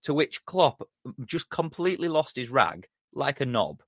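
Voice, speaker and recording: A man's voice: mid-range voice, very animated, unhurried, no room sound, clean studio sound. A man co-hosting a casual sports podcast, blunt and sweary, mocking the people he talks about. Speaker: podcast co-host.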